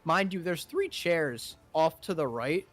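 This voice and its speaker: A man's voice: fairly high pitch, unhurried, soft background music. A man telling a story in casual chat with friends, swearing freely and acting out what others said. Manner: animated, swears a lot, acts out quotes. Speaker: streamer.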